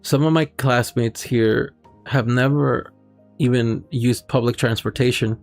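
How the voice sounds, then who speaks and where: A streamer reads a visual novel aloud in a gravelly, mid-pitched male voice. He narrates the text line by line and stops now and then to check his stream settings. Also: steady tone, a little slow, darkish tone, faint music behind.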